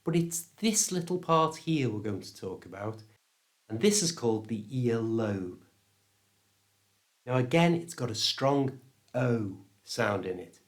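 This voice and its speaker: A man with a British English accent teaching pronunciation, speaking slowly and clearly so learners can repeat the words after him. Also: mid-range voice, expressive. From England. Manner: slow, clear and deliberate, modelling words for repetition. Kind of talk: pronunciation lesson to camera.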